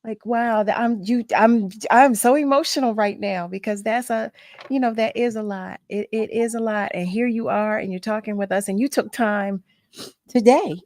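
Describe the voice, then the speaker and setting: A woman's voice: on the high side, steady tone, normal speed, darkish tone, no echo. A woman hosting a radio talk show, effusive and emotional, often laughing and repeating her thanks.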